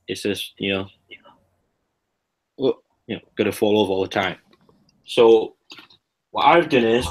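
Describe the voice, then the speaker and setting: Give me a blunt man ranting on a live chat, mid-pitched. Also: rough recording. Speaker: co-host.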